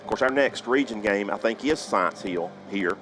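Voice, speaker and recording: A man giving relaxed pregame football commentary, full of hedges and fillers. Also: lowish voice, normal speed, rough recording. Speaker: color commentator. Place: outdoors at a football field.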